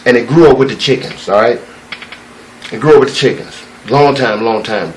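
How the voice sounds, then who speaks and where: A man's voice: medium pitch, normal speed, slight background noise, low-quality recording. A man telling a parable and giving a spiritual talk, loose, preachy and full of profanity.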